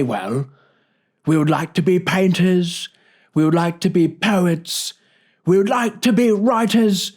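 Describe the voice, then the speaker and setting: A man putting on the voice of an elderly British nature-documentary narrator, reading a passage slowly and solemnly. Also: sits high. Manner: slow, solemn measured reading.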